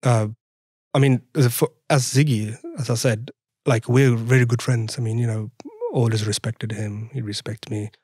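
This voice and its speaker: Guesting on a podcast, a young Frenchman with a French accent tells his story casually, laughing often and acting out conversations with animation. He speaks at medium pitch with a steady tone and moderate pace, a little mellow and slightly rough. The studio sound is clean, with no room sound.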